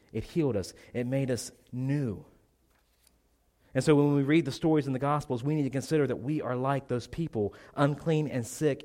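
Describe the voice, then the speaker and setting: A man's voice: medium pitch, darkish tone. A man preaching a sermon as pastor, earnest, with repeated phrases and rhetorical questions, still a little congested. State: slightly congested.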